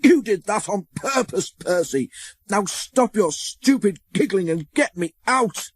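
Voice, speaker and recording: A man voicing a boastful male tank engine who is proud and quick to take offence, in a storybook reading. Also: mid-range voice, dark tone, slightly rough, no room sound, natural voice. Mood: furious, choking. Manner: huffy and indignant.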